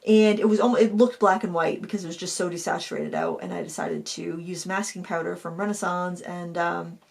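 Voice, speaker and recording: A woman's voice: lowish voice, expressive, brisk, gravelly, a little mellow. Chatty woman rambling through a sketchbook. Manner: chatty, rambling, frequent fillers and self-corrections. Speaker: art channel host. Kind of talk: casual sketchbook tour.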